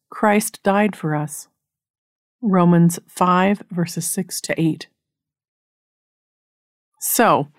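A woman giving an earnest, measured devotional narration that reads out Bible passages. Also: mid-range voice, dry recording, clean studio sound. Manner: measured, earnest reading of scripture. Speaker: Bible teacher.

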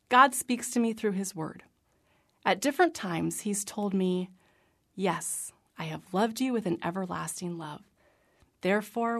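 A woman reading her personal faith memoir aloud in an earnest, reflective manner, sometimes dropping to a soft whisper. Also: fairly low pitch, vocal fry. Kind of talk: scripted narration.

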